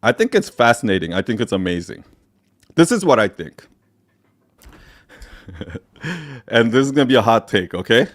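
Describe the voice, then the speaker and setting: A man hosts a live question-and-answer stream and talks in a blunt, profane way. He laughs often between points. His voice sits at an ordinary middle pitch. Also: sing-song, moderate pace, pauses often. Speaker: host answering viewer questions.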